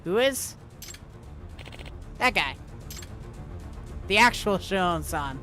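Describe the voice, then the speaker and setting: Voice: mid-range voice, lively intonation, very slow, bright, forceful tone, faint music behind. A streamer casually reading video game dialogue aloud, with wry asides.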